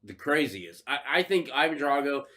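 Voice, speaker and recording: Man, podcast co-host, casual chat, profane, lively pitch swings, bright tone. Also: normal speed. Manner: excitable and profane, acts out scenes with sound effects.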